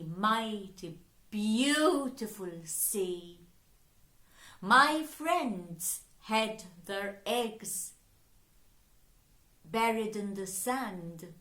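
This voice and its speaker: Woman as a gentle, humble bird god in a storybook, unhurried, in a roomy space. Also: high voice, full character voice. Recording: roomy echo.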